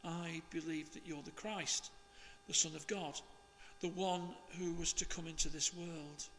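A man, a priest, reading the Gospel and preaching in a slow, measured, expressive way. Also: fairly high pitch, big-room sound, a little hiss or hum.

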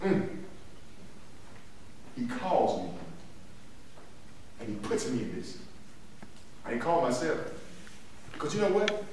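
This pastor's voice sits on the high side, sing-song and a little mellow, moving slowly with long pauses. He teaches the Bible in a church sanctuary through call-and-response, emphatic, repetitive and punctuated by laughter, recorded from far off in an echoey room with some noise.

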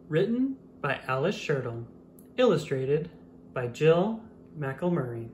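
A reader narrating a children's picture book aloud with an expressive, sing-song rhyming delivery. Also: medium pitch, takes it slowly. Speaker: storybook reader. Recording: roomy echo with faint room noise.

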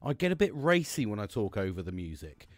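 A British man hosting his own show in a rambling, chatty monologue, swearing freely and filling pauses with ums and restarts. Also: lowish voice, big pitch swings, no echo. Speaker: podcast host. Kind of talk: casual chat monologue.

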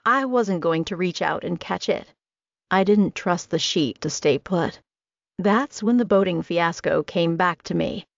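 A woman's voice: lowish voice, animated, a little slow, gravelly, no room sound. A woman narrating a first-person audiobook romance in a wry, comic storytelling manner. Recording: dry, dull lo-fi recording.

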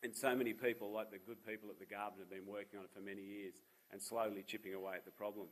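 On a low-quality recording, an Australian man in his fifties speaks quickly in a lowish, breathy voice with a level tone. He's a charity founder delivering a seminar talk, full of personal anecdotes and humour aimed at himself.

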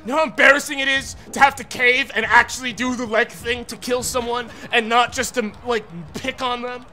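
A man streaming a video game, ranting and swearing in exasperation and often breaking into shouts. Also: extremely high pitch, steady tone, normal speed, slight background noise. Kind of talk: live gameplay commentary.

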